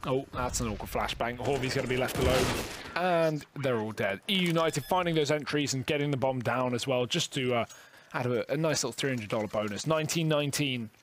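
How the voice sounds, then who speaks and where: A man commentating a competitive shooter match, calling plays quickly and joking with his co-caster. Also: mid-range voice, a bit bright, a little hiss or hum. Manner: jokey banter between calls. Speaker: esports caster. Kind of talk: play-by-play commentary.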